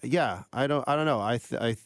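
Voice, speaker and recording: A man's voice: mid-range voice, fast talker, dry recording. A man co-hosting a casual radio chat in a studio, hesitant and self-deprecating, often laughing. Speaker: radio co-host. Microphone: studio microphone.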